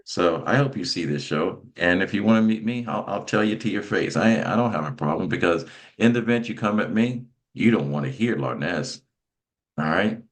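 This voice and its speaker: A man's voice: deep voice, expressive, moderate pace. A man hosting a motivational talk show, talking emphatically and repeating himself as he calls out to his guests. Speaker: host. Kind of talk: animated talk-show chat.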